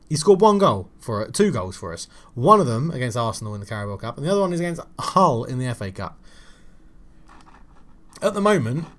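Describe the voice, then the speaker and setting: Exasperated man commentating a game. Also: medium pitch. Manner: swearing, exasperated, swings from mutters to excited shouts. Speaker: gaming channel host. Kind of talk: casual football game commentary.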